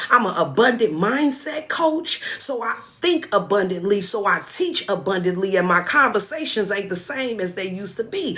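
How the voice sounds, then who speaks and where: Casting: woman, mindset coach on a live stream, bright and fairly high, lively and chatty. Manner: lively, thanks viewers by name, mixes scripture with chat. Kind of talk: casual live-stream chat.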